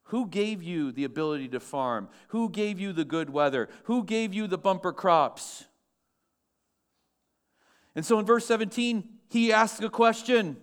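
A man's voice: high voice, lively intonation, unhurried, clean tone. A man pastor preaching a sermon to his church, emphatic and asking the congregation questions.

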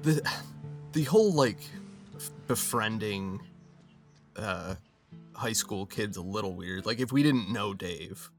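A man's voice: fairly low pitch, expressive, slow, long pauses, faint music behind. A man co-hosting a podcast in casual chat, talking in an easygoing, agreeable way. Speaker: podcast co-host.

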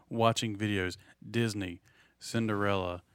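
A man's voice: on the low side, a little hiss or hum. A man chatting casually about a movie, laid-back, with wry asides. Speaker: podcast co-host. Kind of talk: casual chat.

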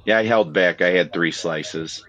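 A man with a Boston accent talks in a low, laid-back voice. He jokes around in loose podcast banter. There is a faint hum behind him. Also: measured pace, a bit bright, low-quality recording. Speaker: podcast co-host and wrestler. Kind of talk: casual banter.

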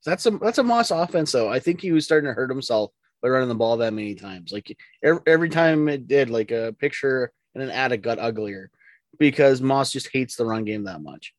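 A man's voice: mid-range voice, lively intonation, fairly quick, no echo. Man, casual sports podcast chat, opinionated, jokey, stumbling restarts, dry room. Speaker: podcast co-host.

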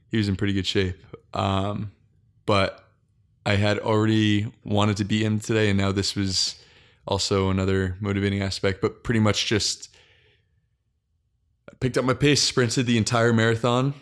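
A young man telling a long personal story in casual podcast chat, halting often and restarting his sentences. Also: on the low side, clear, resonant tone. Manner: halting, frequent restarts and fillers.

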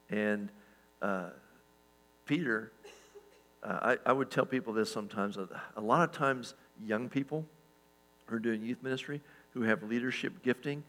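A man pastor giving a sermon in a relaxed, conversational way, with lots of fillers and restarts and chuckles at his own stories. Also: medium pitch, normal speed, long pauses, poor audio.

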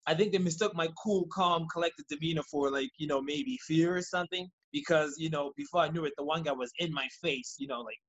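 A man on a podcast tells a story at a rapid clip. His voice sits a little high, and his delivery is animated and profane. He acts out the lines people said along the way. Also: highs cut off. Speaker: podcast guest. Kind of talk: casual storytelling.

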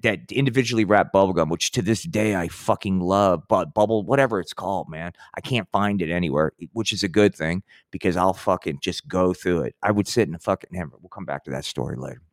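A man's voice: low voice, a little fast, no room sound, studio quality. A middle-aged man hosting a podcast, telling a long profane story in a rambling way and saying "man" often. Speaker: podcast host.

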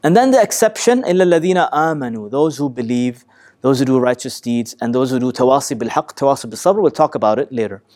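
A man teaching a Quran class, talking in a lively, emphatic way, asking his students questions and reciting Arabic verses quickly. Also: medium pitch. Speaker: Islamic teacher.

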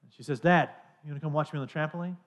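Male pastor, fairly high voice, chatty sermon delivery with animated stories. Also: rapid-fire. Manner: conversational, animated storytelling.

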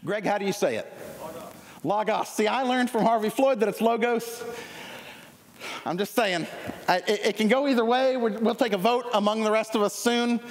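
A man with a Southern US accent delivers a sermon in a lively, chatty way, joking with his congregation between points. His voice sits very high for a man. The sound rings with the long reverb of a church hall. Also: brisk. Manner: lively, conversational preaching with jokes and asides. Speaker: preacher. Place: church sanctuary.

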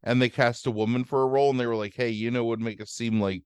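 A man's voice: medium pitch, fairly even intonation, fast, clear, resonant tone, no echo. A man hosting a podcast, casually recapping a movie plot with lots of fillers and easy swearing. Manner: rambling, fillers, swears freely. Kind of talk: casual chat.

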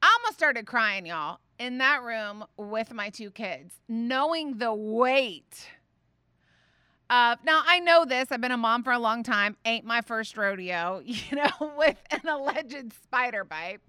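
A woman's voice: fairly high pitch, slow, smooth, no echo, clean studio sound. Chatty woman telling a story. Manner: chatty, animated, many fillers. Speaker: podcast host. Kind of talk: faith talk storytelling.

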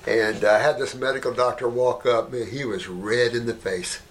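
A man who runs an herbal clinic, talking casually and rambling through anecdotes, often tagging "you know" and "right?", and growing animated as he tells them. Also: moderate pace, a little hiss or hum. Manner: animated, jumps up in pitch when telling stories.

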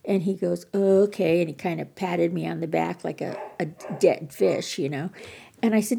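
Older woman guest, heavy vocal fry, low voice, candid self-deprecating storyteller. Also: moderate pace, mellow, slight background noise. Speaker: podcast guest. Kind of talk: personal recovery story.

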